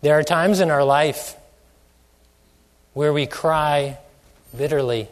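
A man preaches a sermon in a voice on the high side, slow and full of pauses. He asks many questions and stretches out phrases for emphasis, with long hall reverb on the recording.

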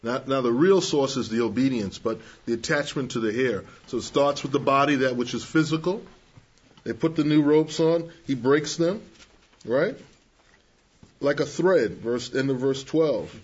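A man preaching to young people, measured and emphatic, acting out the people he quotes. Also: mid-range voice, breathy edge, lo-fi sound. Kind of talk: sermon.

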